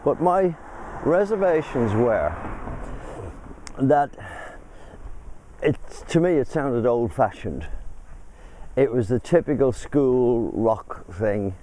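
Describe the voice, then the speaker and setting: A man's voice: mid-range voice, animated, slow, long pauses, mellow, a little hiss or hum, low-quality recording. An older man from England hosting a casual vlog, chatting in a rambling way while walking uphill outdoors, a little out of breath. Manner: chatty, rambling, breaks off mid-thought. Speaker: vlog host. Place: outdoors, walking through a village.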